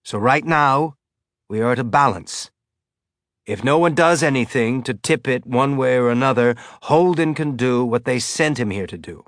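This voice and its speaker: A male audiobook narrator voicing a big, stocky man who pleads earnestly and urgently for calm. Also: mid-range voice, normal speed, no room sound, studio quality, natural voice.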